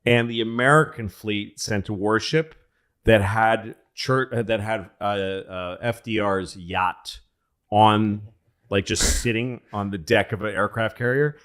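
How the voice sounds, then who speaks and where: A man with a lowish voice tells a loose, profane history story on a comedy podcast. He rambles, restarts and gets animated as he goes. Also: unhurried, clear, resonant tone.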